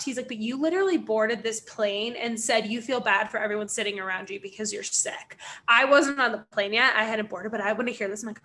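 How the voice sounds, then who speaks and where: A young woman telling a story in casual chat, animated, acting out quotes, with lots of "like" and swearing. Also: a little high.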